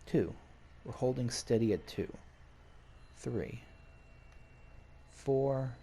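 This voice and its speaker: A man playing a video game and casually thinking out loud, now and then reading in-game notes aloud. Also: medium pitch, extremely slow, creaky, husky. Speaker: game streamer. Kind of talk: casual let's-play commentary.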